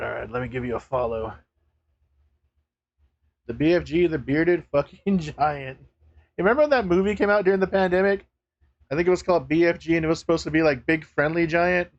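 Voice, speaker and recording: A man streaming live, chatting casually to viewers, laughing often, swearing and getting excitable. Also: a little high, muffled recording.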